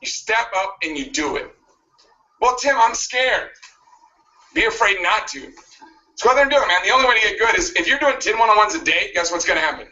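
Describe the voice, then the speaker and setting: A man's voice: high-pitched, expressive, fast, pushed and bright, slight background noise. A man giving a pushy motivational speech, cracking jabs and laughing at his own lines. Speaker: motivational speaker. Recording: muffled video played back from a distance.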